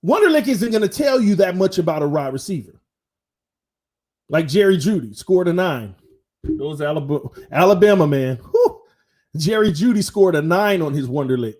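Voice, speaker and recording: Dude hosting a sports stream, high voice that jumps all over, slangy and chatty. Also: male voice, normal speed. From Florida. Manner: animated, talks straight to viewers, slangy. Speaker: sports channel host. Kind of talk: casual live-stream sports talk.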